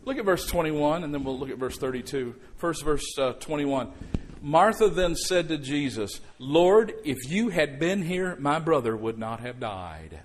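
A middle-aged male pastor preaching a conversational sermon, swinging between quiet reflection and sudden loud outbursts. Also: a little high, lively intonation, measured pace, few pauses, a little hiss or hum.

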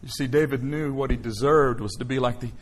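A man preaching a sermon as pastor, emotional and emphatic, swelling from quiet to loud declarations. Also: medium pitch, fairly quick.

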